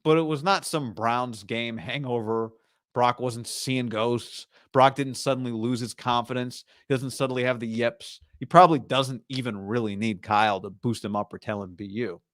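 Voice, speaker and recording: A man's voice: medium pitch, steady tone, moderate pace, a bit bright, dry recording. Emphatic male sports talk host, dry sound. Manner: emphatic, repeats lines for punch. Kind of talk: casual sports commentary monologue.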